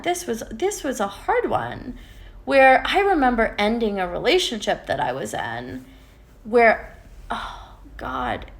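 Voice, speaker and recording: Woman relationship coach, unhurried candid talker who swears, slightly high voice. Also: gravelly, a bit bright. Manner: candid, swears freely, often tags "right?". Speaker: love and spiritual coach. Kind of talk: casual livestream talk to viewers.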